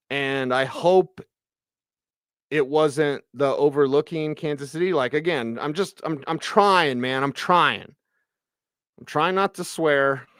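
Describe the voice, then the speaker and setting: Man, sports radio host, exasperated animated rant, sarcastic asides, smooth resonant higher voice, dry studio sound. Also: dry recording. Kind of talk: postgame sports talk monologue.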